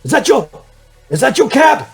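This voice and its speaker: A man's voice: very high-pitched, very animated, moderate pace, fairly bright tone, faint music behind, pitched above the performer's own voice, heavily acted. A man voicing a defiant male corporate fixer who speaks in a clipped way. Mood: grateful.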